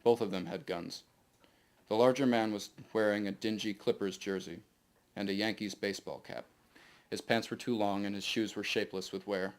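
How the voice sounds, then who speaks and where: A man reading his own novel aloud to a live audience in steady first-person narration. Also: fairly low pitch, normal speed.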